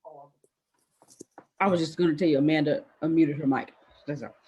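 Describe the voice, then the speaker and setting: A man's voice: fairly high pitch, fairly even intonation, normal speed, darkish tone, slightly rough. A man chiming in briefly and hesitantly during an online meeting, on dull lo-fi video call audio. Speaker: meeting participant.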